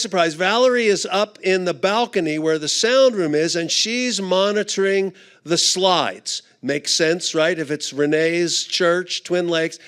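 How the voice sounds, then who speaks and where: A man with a fairly high, smooth and resonant voice tells a funny story slowly, taking his time between phrases. As a guest speaker on a church conference stage, he leans on relaxed "uh" fillers while he builds up the anecdote. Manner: unhurried anecdotal delivery with frequent "uh" fillers. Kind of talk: humorous storytelling talk.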